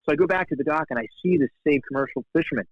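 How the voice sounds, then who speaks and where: Sex: man. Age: 50s. Role: guest, fly fishing guide. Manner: animated storyteller who acts out quoted dialogue. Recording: dry, dull podcast audio. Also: fairly high pitch, rapid-fire, dry recording. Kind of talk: casual storytelling in conversation.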